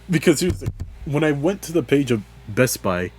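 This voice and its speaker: A darkish, breathy-edged male voice belongs to a young podcast host telling a rambling story on his own. He swears plenty, laughs often, and jumps up in pitch when exasperated.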